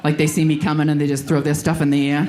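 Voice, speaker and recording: A woman's voice: low-pitched, little pitch movement, fast, darkish tone. A woman performing a stand-up comedy routine, telling self-deprecating stories about her workouts on a comedy stage.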